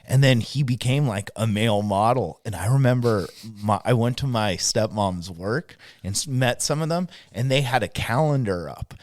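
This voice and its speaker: Podcast dude rambling stories, cusses a lot, dry close mic. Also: male voice, medium pitch, moderate pace, hardly any pauses, a little mellow, no echo. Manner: loose, profane storytelling with laughs. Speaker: podcast co-host. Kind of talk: casual chat.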